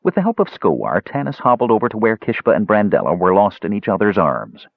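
A man narrating a fantasy audiobook with expressive storytelling. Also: fairly low pitch, fairly quick, creaky, slightly rough, no echo, phone-quality sound.

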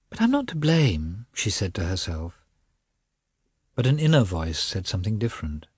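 Expressive male reader for a classic novel, husky, dry close sound. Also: on the low side, no room sound. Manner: expressive, measured reading. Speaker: audiobook narrator. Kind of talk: classic novel audiobook narration.

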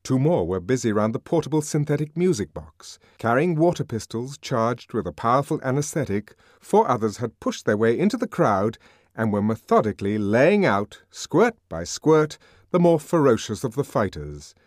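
Expressive male audiobook narrator, dry sound. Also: mid-range voice, moderate pace, dry recording. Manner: dramatic, very expressive reading. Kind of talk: scripted narration.

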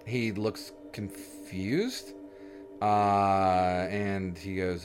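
Low-voiced man narrating a tabletop game. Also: slow, fairly bright tone, faint music behind. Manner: hesitant, many restarts and fillers. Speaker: game master.

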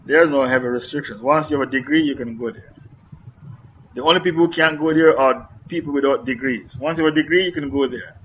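A man's voice: medium pitch, quick pace, a bit bright, lo-fi sound, a little hiss or hum. A middle-aged man preaching in a question-and-answer lecture, emphatic and repetitive, firing off rhetorical questions.

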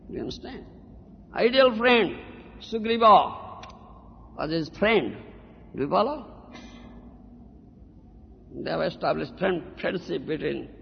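A man delivers a devotional sermon in a high, lively voice that swoops up and down, keeping a slow, deliberate pace. He repeats words and keeps asking "huh?" and "you understand?". The lo-fi recording carries a long hall reverb. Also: vocal fry, a little hiss or hum. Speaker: spiritual teacher.

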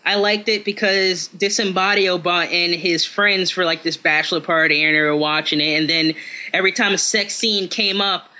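A man's voice: high-pitched, fairly even intonation, normal speed, bright, forceful tone, a little hiss or hum. A young man chatting casually, rambling and stumbling over words as he tells a story. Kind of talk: casual chat. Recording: dull lo-fi sound.

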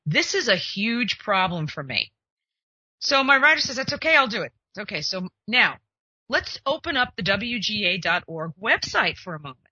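A woman's voice: medium pitch, sing-song, normal speed, pushed and bright, husky, dry recording, lo-fi sound. A woman who works as a literary agent and hosts a show, giving chatty, emphatic advice and acting out the conversations she describes. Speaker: literary agent and podcast host. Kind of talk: casual advice monologue.

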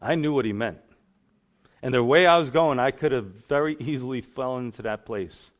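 A man's voice: medium pitch, brisk. A man, a pastor giving a sermon testimony, telling his story and acting out the voices in it. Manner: storytelling, acts out voices in quotes.

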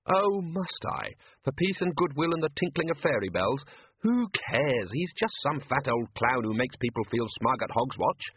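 A man voicing a sharp-tongued young woman who answers with indignant sarcasm. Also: medium pitch, expressive, moderate pace, husky, pitched above the performer's own voice. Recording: narrow phone-like sound.

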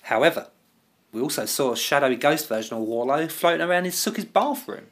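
A woman's voice: deep voice, expressive, brisk. A woman co-hosting a podcast, recapping a TV episode with wry asides and casual swearing. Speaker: podcast co-host.

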